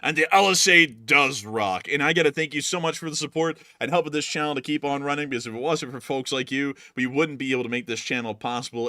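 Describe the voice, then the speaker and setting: A young man co-hosting a livestream, talking casually and excitably with lots of fillers and laughs. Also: mid-range voice, dry recording, studio quality. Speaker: co-host of a news livestream.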